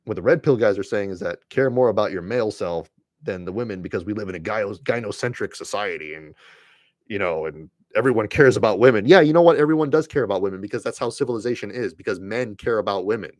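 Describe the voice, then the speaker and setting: Male live streamer, deep voice, dry close sound, lecturing viewers head-on with repeated emphatic lines. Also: fast, dry recording. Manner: earnest and preachy, repeats phrases for emphasis; addresses listeners directly and bluntly. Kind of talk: impassioned monologue to viewers.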